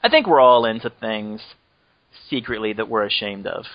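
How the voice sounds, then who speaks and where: A man's voice: fairly low pitch, sing-song, moderate pace, no room sound, muffled recording. A man hosting a podcast, chatting casually and joking around, laughing often as he rambles. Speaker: podcast host. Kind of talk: casual chat.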